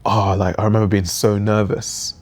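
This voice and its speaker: A man's voice: lowish voice, normal speed. Laid-back young man. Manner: relaxed, rambling, filler-heavy storytelling. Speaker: podcast co-host, new father. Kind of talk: casual chat.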